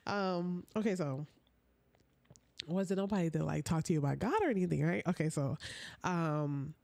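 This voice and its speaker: A woman telling an animated storytime on a casual livestream, chatting loosely and dropping into whispers for asides. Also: deep voice, vocal fry. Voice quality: chatty, drawn-out storytelling full of "like" and "honey".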